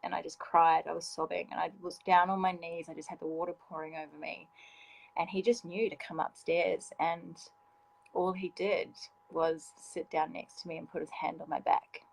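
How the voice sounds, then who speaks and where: Casting note: woman in her thirties, lowish voice with gravelly fry, candid and emotional. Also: little pitch movement, normal speed, rough recording. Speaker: guest. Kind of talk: personal storytelling in casual chat.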